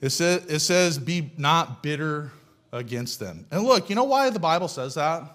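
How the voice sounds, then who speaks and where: Male preacher, high voice, folksy and blunt, pounds points home with rhetorical questions. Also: sing-song, normal speed, a bit bright. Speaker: pastor. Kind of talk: sermon.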